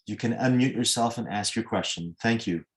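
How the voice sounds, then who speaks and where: A man's voice: fairly low pitch, brisk. A man moderating a video-call question session, courteous and lightly joking, with frequent ums and uhs. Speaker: moderator of an online Q&A.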